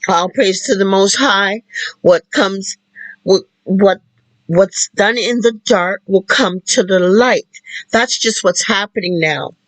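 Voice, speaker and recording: A livestream host talking while in tears, halting and repeating phrases. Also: medium pitch, fairly bright tone, no room sound, low-quality recording. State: tearful. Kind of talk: emotional spoken-word livestream talk.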